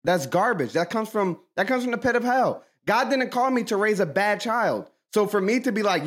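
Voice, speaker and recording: A man co-hosting a faith podcast, preaching forcefully and driving points home through repetition. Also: high voice, lively intonation, moderate pace, few pauses. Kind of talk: preaching-style faith talk.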